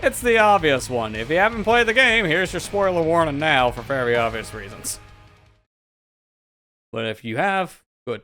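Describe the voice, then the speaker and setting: A man's voice: on the high side, big pitch swings, moderate pace, pushed and bright. A man streaming a video game live, joking and laughing often as he comments. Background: game music.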